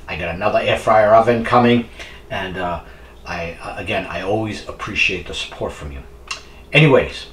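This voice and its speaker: Low-voiced man chatting in an echoey kitchen. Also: fairly bright tone. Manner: rambling, talks while eating. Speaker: product reviewer. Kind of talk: casual chat. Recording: roomy echo, faint background noise.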